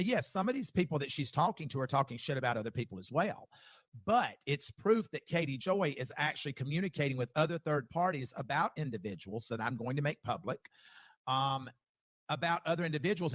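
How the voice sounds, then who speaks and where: A man's voice: mid-range voice, lively intonation, brisk, fairly bright tone, dry recording. Blunt man with a twang. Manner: blunt, dismissive, wry. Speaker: reality TV personality. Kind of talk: direct-to-camera monologue.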